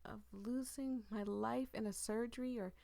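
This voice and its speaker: A woman reading the lines of a calm, gentle young woman facing death in a visual novel, in her own soft voice. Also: on the high side, normal speed, creaky, no room sound. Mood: tender.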